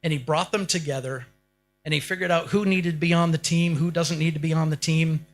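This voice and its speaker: Guy w a kinda high voice doing a pump-up keynote speech, lots of questions to the crowd, punchy. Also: steady tone, brisk. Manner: rhetorical questions to the audience; emphatic, builds to punchy lines. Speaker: keynote speaker. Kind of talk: motivational speech.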